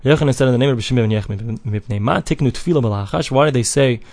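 A man's voice: mid-range voice, racing, vocal fry, darkish tone, no room sound. Man teaching a text, dry sound. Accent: Ashkenazi Hebrew pronunciation. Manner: reads each phrase, then explains it plainly. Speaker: Talmud teacher. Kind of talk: reading and translating a text line by line.

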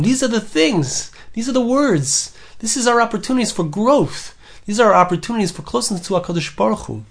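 A man's voice: high voice, gravelly. A man giving an earnest podcast sermon, full of rhetorical questions and repeated phrases. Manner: earnest, repetitive, rhetorical questions, acts out quoted voices. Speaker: rabbi giving a Torah talk.

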